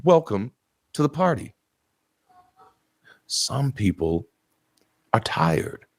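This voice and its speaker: Low-voiced man giving motivational talk. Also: sing-song, slow, no room sound. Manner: earnest and preachy, with blunt profanity.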